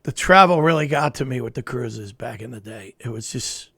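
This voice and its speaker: A man's voice: mid-range voice, animated, normal speed, gravelly, pushed and bright, husky, no room sound. A man co-hosting a comedy talk show, telling stories in a laughing, casual way. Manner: laughing storyteller. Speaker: podcast co-host.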